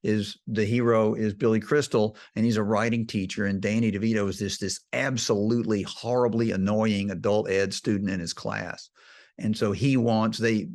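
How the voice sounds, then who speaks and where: A man, a screenwriting teacher, speaking as a guest and retelling film scenes with feeling. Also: on the low side. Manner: animated retelling, gets choked up. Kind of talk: casual storytelling interview.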